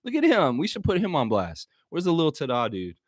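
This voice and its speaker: A man's voice: on the high side, wildly swooping pitch, a little fast, dry recording, studio quality. A man hosting a live sports chat stream, brash and trash-talking, reading viewer comments aloud.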